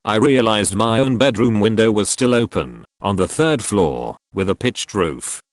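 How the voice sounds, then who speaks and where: Male narrator, lowish voice, laid-back deadpan delivery, dry close-miked read. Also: unhurried, dry recording. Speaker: narrator reading online stories. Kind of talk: scripted narration.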